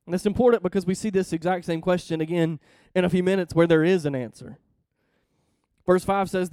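A man's voice: sits high, brisk, warm tone, clean tone, no room sound. A man preaching in a conversational way, reading scripture aloud and explaining it emphatically, often checking in with his listeners. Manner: emphatic, reads scripture then explains it, asks the listeners questions. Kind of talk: conversational Bible teaching.

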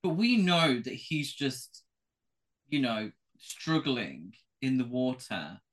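A man on a casual podcast, telling stories in a campy, giggly, animated way. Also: medium pitch, slow.

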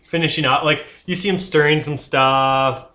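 A man narrating his character's actions in a tabletop game, loose, amused and halting. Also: fairly high pitch, steady tone, pushed and bright. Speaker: player.

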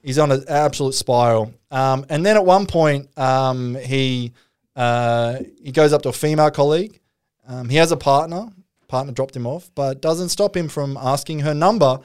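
Profane rambling man, smooth voice. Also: medium pitch, normal speed, a little mellow. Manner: profane, rambling storyteller with frequent fillers. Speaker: podcast co-host telling a story. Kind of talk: casual chat.

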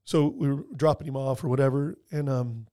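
A man's voice: medium pitch, fairly even intonation, brisk, mellow. A man, a guest talking earnestly in a casual conversation, heartfelt and rambling with many restarts and fillers.

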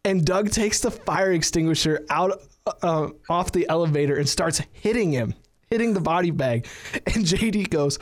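A man's voice: a little high, moderate pace. A man co-hosting a podcast in casual, joking banter, acting out quotes as he tells stories. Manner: animated, jokey, acts out quotes. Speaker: podcast co-host.

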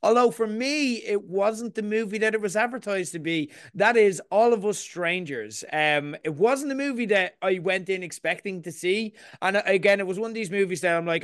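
Man, young adult, film podcast co-host, enthusiastic detailed review, smooth resonant voice, dry close sound. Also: sits high, moderate pace, hardly any pauses, no room sound. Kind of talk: casual film review chat.

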